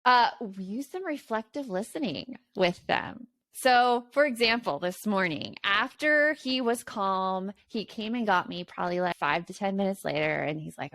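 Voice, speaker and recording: A woman's voice: mid-range voice, expressive, moderate pace, few pauses, fairly bright tone, no room sound. Woman podcast co-host, casual chat, earnest, dry close sound.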